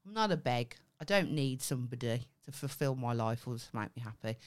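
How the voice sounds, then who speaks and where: A woman's voice: very deep voice, brisk. A woman co-hosting a podcast, telling a story with lots of swearing and acted-out dialogue in a casual chat. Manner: animated storytelling, swears freely, acts out quoted dialogue. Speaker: podcast co-host.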